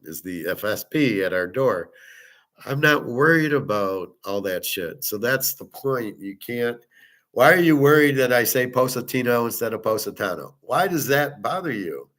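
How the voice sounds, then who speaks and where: A man's voice: mid-range voice, lively intonation, moderate pace, fairly bright tone. A middle-aged man hosting a casual monologue, telling a personal story in a blunt, profane way. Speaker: host.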